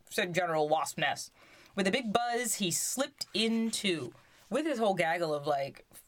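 A woman's voice: mid-range voice, moderate pace. A woman reading a children's story aloud, breaking off for playful, joking asides. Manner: animated, joking asides between lines.

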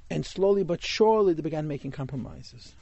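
A man's voice: fairly high pitch, animated, a little fast, vocal fry, warm tone, dry recording, muffled recording. A man telling a Hasidic story in a class, mixing in Yiddish and Hebrew words.

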